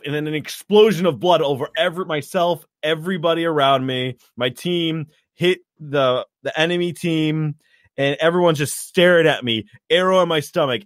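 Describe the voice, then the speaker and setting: A man chatting casually, telling a game story with lots of energy and bursts of acted-out shouting. His voice sits a little high. The sound is dry and close, with almost no room echo. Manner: animated, acts out his character with shouted lines.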